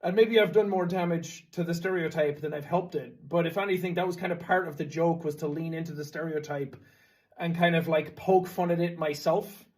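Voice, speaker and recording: Chatty Irish man, slightly high voice. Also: fairly even intonation, fairly quick, darkish tone. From Ireland. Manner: chatty, reflective, self-deprecating. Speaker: YouTuber. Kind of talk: casual talking-to-camera explanation.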